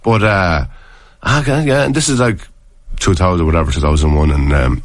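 A man's voice: low voice, brisk, no room sound. An Irish man and former player, chatting casually and telling long, rambling stories full of restarts. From Ireland. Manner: rambling storyteller, many restarts. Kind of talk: casual chat.

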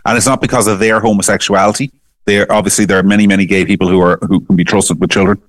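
A man giving forceful opinions as a political commentator in a podcast discussion, often repeating words and restarting phrases. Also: on the low side, fairly even intonation, fast, dry recording. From Ireland.

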